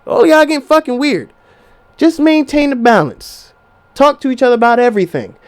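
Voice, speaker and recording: With an extremely high, smooth, sing-song voice at normal speed, a man in his twenties hosts a podcast and rants casually, handing out blunt relationship advice laced with profanity.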